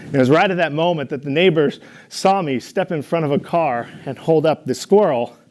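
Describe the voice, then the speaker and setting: A young man delivers a devotional talk in a fairly high voice. He tells a funny personal story with playful energy, then turns earnest and encouraging. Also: a little fast. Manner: storytelling with playful humor, animated in anecdotes.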